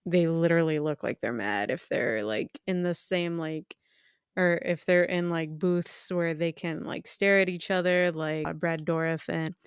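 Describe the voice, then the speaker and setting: A female podcast co-host chats casually, often restarting and filling pauses. Her voice is very smooth and clear and sits a little low. The sound is dry and close to the mic. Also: fairly even intonation, no echo. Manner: chatty, frequent fillers and self-corrections. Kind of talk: casual chat.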